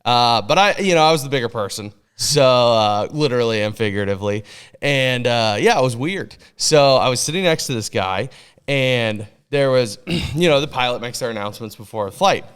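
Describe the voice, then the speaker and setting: Chatty podcast host, smooth voice. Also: male voice, mid-range voice, lively intonation, moderate pace, fairly bright tone. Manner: chatty storyteller with frequent fillers. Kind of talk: casual chat.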